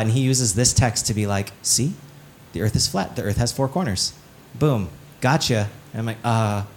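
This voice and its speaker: A man's voice: mid-range voice, slight background noise. Chatty joking man preaching a casual sermon. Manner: chatty and joking, with many fillers like "um" and "like"; asks the audience questions and waits for replies. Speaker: pastor. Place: in front of a live congregation.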